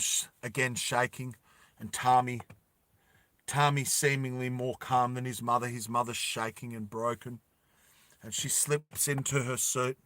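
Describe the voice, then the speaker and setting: A man telling a dramatic story slowly and deliberately, with emphatic repetition. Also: mid-range voice, sharp tone, dry recording. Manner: slow deliberate with emphatic repeats.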